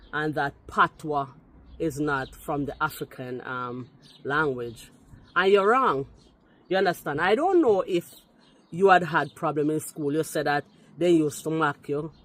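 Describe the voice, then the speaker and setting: A woman from Jamaica with a Jamaican accent who speaks English mixed with patois and gives an indignant, forceful rebuttal aimed straight at someone. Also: sits low. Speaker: commenter responding to a video. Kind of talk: heated rebuttal talk.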